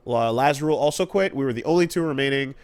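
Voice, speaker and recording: A man's voice: mid-range voice, fast talker, clean tone. A man co-hosting a podcast, talking casually and rambling with lots of fillers and restarts. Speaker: podcast co-host.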